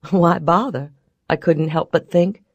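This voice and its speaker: A woman narrating a first-person story in a wry, expressive way. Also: on the low side, a little slow, husky, no echo, lo-fi sound. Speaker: audiobook narrator.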